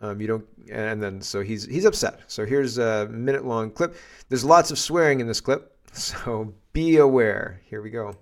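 A man's voice: mid-range voice, moderate pace. A man hosting a podcast, commenting bluntly and with indignation on clips he plays. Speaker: podcast host.

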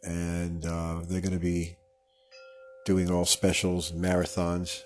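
A man's voice: sits low, flat delivery, unhurried, a little mellow, faint music behind. A man hosting a live radio meditation show, talking in a meandering, digressive way and fumbling and correcting his own words as he goes. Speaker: radio host. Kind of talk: rambling meditation monologue.

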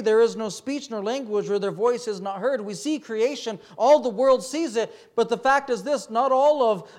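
A man preaching a folksy sermon, often repeating words and asking the congregation "amen?". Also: very high voice.

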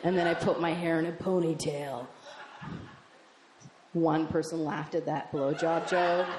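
A woman doing stand-up comedy on stage, telling a brash, profane story and acting out the dialogue in quick voices. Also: deep voice, fairly even intonation, reverberant, noisy background.

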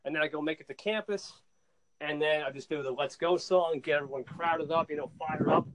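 A young man chatting excitedly on a podcast, laughing and repeating words as he tells stories. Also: fairly high pitch, fairly quick, a little hiss or hum, low-quality recording. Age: young adult. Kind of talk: casual chat.

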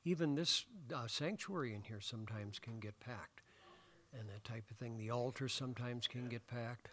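A man's voice: mid-range voice, moderate pace, fairly bright tone. A man preaching a sermon in a church sanctuary, talking conversationally and asking the congregation questions between many fillers. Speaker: pastor.

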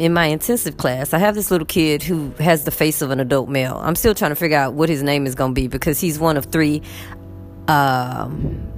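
Chatty Texan woman teacher, lowish voice. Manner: animated, chatty, acts out quotes. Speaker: English teacher. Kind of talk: casual storytelling vlog. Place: in bed at home.

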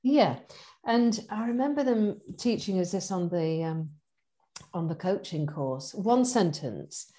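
Chatty middle-aged woman, mellow low voice. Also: unhurried. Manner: chatty, animated, laughs often. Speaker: event organizer and guest. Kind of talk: casual conversation.

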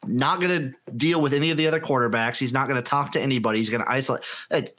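A man co-hosting a sports podcast, hyped and profane as he fires off quick opinions. His voice sits at an ordinary middle pitch. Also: a bit bright. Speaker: podcast co-host. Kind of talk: casual sports chat.

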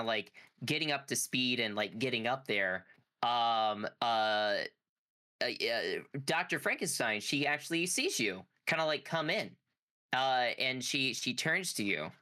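Man game master, lively pitch, casual and hesitant, lots of fillers. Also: a little slow. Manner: easygoing, hesitant, many fillers. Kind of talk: narrating a tabletop game.

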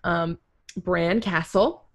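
A woman's voice: lowish voice, drawn-out words. A young woman co-hosting a casual podcast, telling a history story with lots of laughs and self-corrections. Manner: giggly, self-correcting, chatty. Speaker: podcast co-host.

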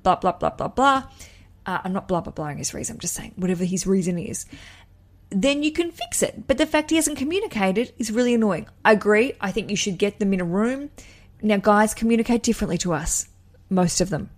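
A woman's voice: medium pitch, lively intonation, brisk. Aussie woman doing a wedding advice podcast, chatty and enthusiastic, goes off on little tangents. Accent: Australian. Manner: chatty and enthusiastic, rambling asides. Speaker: wedding podcast host answering a listener. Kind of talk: casual advice chat.

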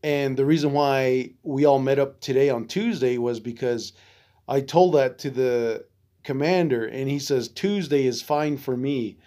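A man's voice: medium pitch, a little slow, warm tone. A man from Arizona hosting a veterans podcast, telling a story casually with loose, profane, frustrated asides.

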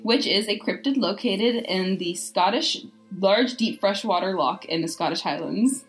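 A woman's voice: mid-range voice, a little slow, soft background music, poor audio. An American woman co-hosting a casual podcast, rambling along with lots of filler words. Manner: rambling, full of "like" and "you know". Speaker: podcast co-host.

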